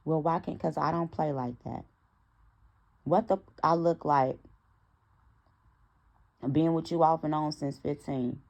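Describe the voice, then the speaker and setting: Low gravelly woman telling a story. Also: slow pace, long pauses. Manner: animated, talks straight to her audience, acts out quoted dialogue. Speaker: storytime vlogger. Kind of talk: casual storytime to viewers.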